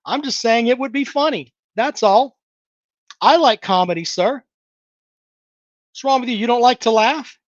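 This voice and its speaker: A man's voice: very high voice, unhurried, long pauses, dry recording, dull audio. A man hosting a casual sports talk livestream, reading chat comments and mocking them bluntly with plenty of swearing. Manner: blunt, sarcastic, swears freely, mocks callers' takes.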